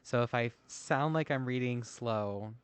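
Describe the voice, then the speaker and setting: A man's voice: mid-range voice, unhurried, clear, resonant tone, no room sound. Podcast co-host, male, casual and self-mocking, dry close sound. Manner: self-deprecating, laughs often. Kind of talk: casual podcast chat, reading notes aloud. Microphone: masked while recording.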